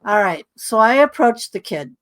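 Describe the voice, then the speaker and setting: A woman, a podcast guest, telling a long story in a rambling, animated way with many asides. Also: fairly high pitch, normal speed.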